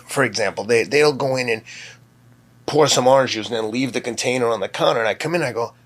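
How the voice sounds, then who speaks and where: A man in his fifties, a guest, talking candidly and telling personal stories, sometimes acting out his own shouting. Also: quick pace. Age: 50s. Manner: acts out his own past yelling in sharp high bursts. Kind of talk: candid conversational storytelling.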